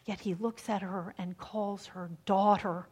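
A woman giving a sermon, dramatic and swinging from hushed near-whispers to emphatic lines. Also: medium pitch, little pitch movement, measured pace, husky. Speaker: speaker giving a faith talk.

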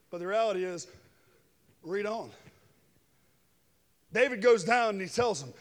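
High-voiced preacher in a reverberant church. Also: male voice, moderate pace, long pauses. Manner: swings from shouted preaching to quiet joking asides. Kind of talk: sermon with personal stories. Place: church sanctuary with long reverb. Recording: reverberant hall.

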